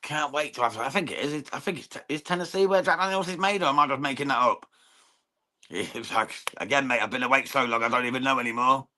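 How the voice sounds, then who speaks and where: A man's voice: medium pitch, fast talker, sharp tone. An English man hosting a live boxing watchalong, chatting casually with viewers, calling mate often, swearing freely and commenting on the fight. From England. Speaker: watchalong stream host.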